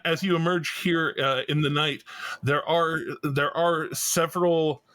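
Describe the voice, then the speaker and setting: A man narrating as game master of a tabletop game, halting and restarting often. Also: fairly high pitch, fairly even intonation, a bit bright, dry recording, rough recording. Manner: slow, halting narration with many fillers and restarts.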